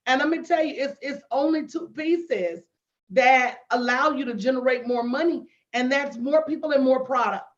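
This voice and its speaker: A woman business coach hosting a livestream, brash and animated, talking straight to her viewers. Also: high voice, normal speed, muffled recording. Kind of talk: livestream promo chat.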